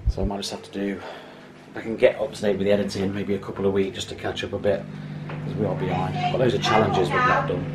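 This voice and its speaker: A man's voice: flat delivery, fast talker, very noisy. A man chatting casually to camera for his family vlog at home, holding the camera himself. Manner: chatty, coaxing pets in a high sing-song voice. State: out of breath after a workout. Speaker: vlogger. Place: house and garden.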